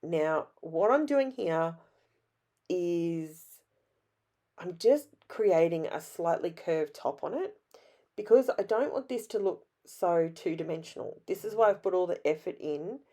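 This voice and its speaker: Raspy Australian woman, slow chatty voice-over. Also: lowish voice, animated, dark tone. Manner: chatty, rambling and self-deprecating. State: hoarse from illness. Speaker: scrapbooking vlogger. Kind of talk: casual voice-over narration.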